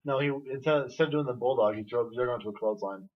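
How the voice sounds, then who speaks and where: A young man co-hosting a casual review chat, easygoing and halting, often saying yeah. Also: medium pitch. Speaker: show co-host. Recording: dull lo-fi home recording.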